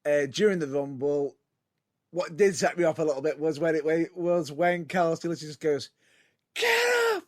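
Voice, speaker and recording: British male wrestler, slightly raised pitch, giggly and protesting. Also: steady tone, brisk, darkish tone. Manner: laughs often, protests with repeated no. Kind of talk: casual chat.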